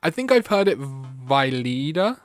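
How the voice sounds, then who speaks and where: A man's voice: medium pitch, sing-song, a little slow, soft background music. A man streaming a game, reading its text aloud and chatting with his viewers. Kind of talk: gaming livestream chat.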